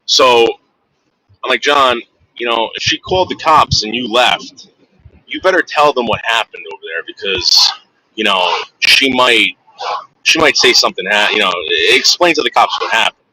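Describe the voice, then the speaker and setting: A man's voice: mid-range voice, expressive, normal speed, sharp tone, slight background noise, poor audio. A man streaming to his viewers, telling a long story in a rambling, profane way and acting out the voices of the people in it.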